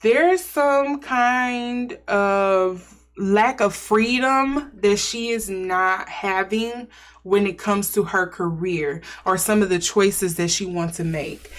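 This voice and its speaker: A woman at a middle pitch talks through a tarot spread in a relaxed, chatty way. She muses and thinks aloud, wondering and speculating as she goes. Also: slow pace. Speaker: tarot reader. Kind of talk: casual intuitive tarot reading.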